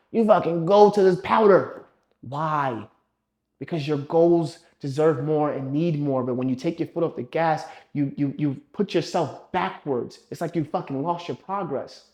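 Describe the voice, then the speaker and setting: A young man giving a blunt, swearing motivational rant as a fitness vlogger, scolding the viewer and swinging from low muttering to loud pushing.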